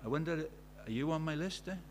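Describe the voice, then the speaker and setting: An earnest preacher delivers a sermon full of stories and questions to his listeners. His voice sits a little higher than most men's. Faint noise lies under the recording. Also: animated, fairly quick. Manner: earnest, storytelling, asks many questions.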